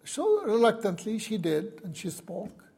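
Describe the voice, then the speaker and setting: A man's voice: high voice, wildly swooping pitch, measured pace, gravelly, darkish tone, slightly rough. A man, a university professor, telling a personal story and recounting events with wry chuckles.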